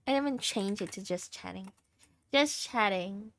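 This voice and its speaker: A woman's voice: mid-range voice, unhurried, a bit bright. A tired young woman livestreamer chatting casually with her viewers and laughing often. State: tired, sleep deprived.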